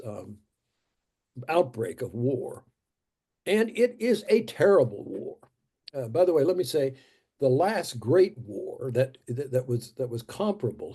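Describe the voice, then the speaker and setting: A man lectures on history with a very mellow, dark tone and a husky, breathy edge. His delivery is deliberate and halting, and he circles back to repeat key phrases for emphasis. He speaks as a guest lecturer in a church. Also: medium pitch.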